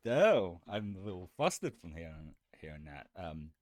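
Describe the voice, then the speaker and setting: A man with a deep voice chatting casually on a live stream, rambling and restarting his sentences, often giggling. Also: very animated, normal speed, no echo, clean studio sound. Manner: rambling, self-interrupting, giggly.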